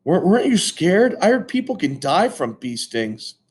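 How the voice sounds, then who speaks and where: Brief: man doing a high, breathless, swooning schoolgirl from a storybook reading. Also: big pitch swings, moderate pace, slightly rough, heavily acted. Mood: fussing. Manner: breathless, doting and fawning. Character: gushing, swooning fourth-grade girl.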